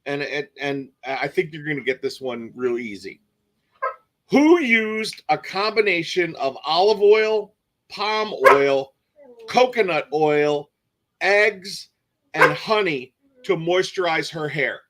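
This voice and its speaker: A man's voice: a little high, animated, slow, noisy background. A man co-hosting a beauty podcast, reading out quiz questions in casual chat. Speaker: podcast co-host, quizmaster.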